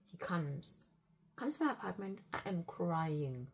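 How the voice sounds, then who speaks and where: A woman tells a story to her vlog audience in an animated, exasperated way. Her voice is husky and a little low, with a gravelly fry running through it. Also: unhurried. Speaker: vlogger.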